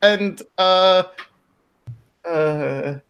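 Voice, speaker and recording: Slow-talking joking male host. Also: high voice, creaky, fairly bright tone, clean tone, lo-fi sound. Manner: joking and playful. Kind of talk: casual art critique chat.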